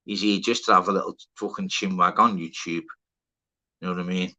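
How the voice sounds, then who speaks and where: Hosting a livestream, a man banters casually with his viewers, greeting them by name and swearing freely. His voice is low, bright and forceful with fairly even intonation at a normal speed, though the audio sounds dull.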